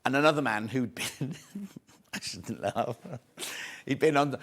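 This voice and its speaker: A British man presenting live on a shopping channel, chatting warmly to viewers and reading out their messages, with the odd cough. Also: mid-range voice, a little slow. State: coughing, mild throat trouble.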